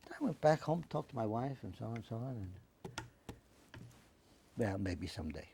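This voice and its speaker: An elderly New man, a war veteran in his nineties, recounts his life in a halting, meandering way. His voice is gravelly and mellow. The recording is dry and close. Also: mid-range voice, big pitch swings, dry recording. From Staten Island, New York. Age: 90s. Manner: rambling, halting, with many restarts. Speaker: interviewee, WWII veteran. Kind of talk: oral history storytelling.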